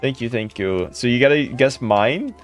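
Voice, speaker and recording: A man hosting a casual live stream, thanking and greeting viewers by name in quick upbeat bursts. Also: faint music behind. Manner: upbeat, jumps into high excited calls when thanking donors. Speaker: livestream host.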